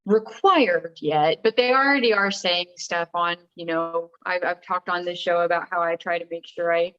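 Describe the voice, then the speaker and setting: A woman co-hosting a podcast, chatty and self-mocking with quick asides. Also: fairly low pitch, a bit bright, clear, resonant tone. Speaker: podcast co-host. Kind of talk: casual chat. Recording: slightly dull lo-fi sound.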